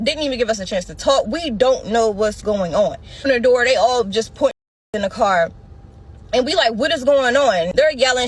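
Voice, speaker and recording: A woman's voice: on the high side, slightly rough. A woman in her thirties telling a personal story with dramatic slang, talking straight to her listeners. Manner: breathless, dramatic retelling with slang and direct address. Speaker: storyteller in a clip being reacted to.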